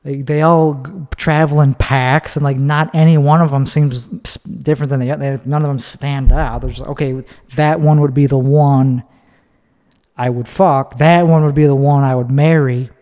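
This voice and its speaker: A man's voice: mid-range voice, steady tone, moderate pace, darkish tone, in a large hall. A man hosting a solo podcast, talking in a profane, rambling, opinionated way while standing. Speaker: podcast host. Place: recorded standing up.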